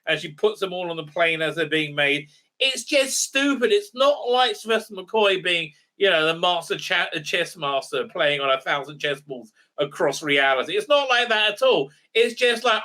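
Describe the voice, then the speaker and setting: A man's voice: fairly high pitch, measured pace, sharp tone. A man ranting through a sarcastic recap review, rambling with many fillers and tag questions. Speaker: video reviewer.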